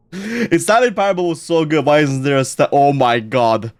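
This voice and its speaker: A young man streaming a game in excitable, stammering casual commentary, with frequent swearing and repeated words. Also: a little high, measured pace, clear, resonant tone, dry recording.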